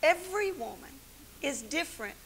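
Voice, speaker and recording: An older woman teaching the Bible to a women's church gathering in an animated, folksy sermon full of stories and laughs. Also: high-pitched, normal speed, a little hiss or hum. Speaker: Bible study teacher and speaker.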